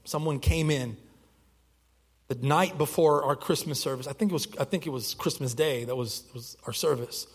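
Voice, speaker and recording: A man's voice: a little high, normal speed, husky, big-room sound. A young man preaching a sermon as pastor, telling stories in a conversational way with frequent restarts. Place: church sanctuary.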